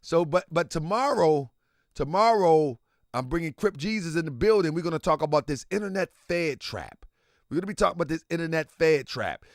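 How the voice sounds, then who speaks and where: A man hosts a casual livestream, speaking high and bright with a gravelly edge. He talks straight to his chat and repeats points for emphasis, swinging his pitch around. The sound is close and dry. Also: expressive, brisk, no echo. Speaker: livestream host.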